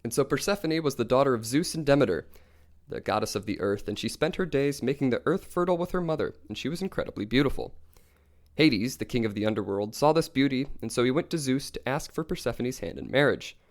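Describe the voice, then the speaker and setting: A young man co-hosting a podcast, calmly retelling myths in a casual storytelling style. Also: mid-range voice, quick pace. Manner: calm, even retelling of myths. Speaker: podcast co-host.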